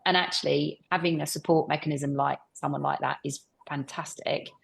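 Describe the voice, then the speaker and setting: Low husky woman hosting a panel. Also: fairly even intonation, moderate pace. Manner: encouraging, thinks aloud with restarts. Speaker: panel host. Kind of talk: panel discussion.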